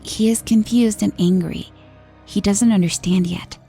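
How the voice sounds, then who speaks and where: A woman voicing a calm, sorrowful psychic medium. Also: medium pitch, breathy edge, soft background music. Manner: quiet, measured, sometimes hushed.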